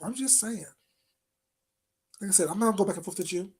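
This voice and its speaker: Sarcastic vlogger calling someone out; mid pitch, taunting, drawls "baby" and "sweetheart". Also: fairly even intonation, very fast, a little mellow, slightly rough. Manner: asks pointed rhetorical questions again and again. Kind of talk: confrontational call-out rant.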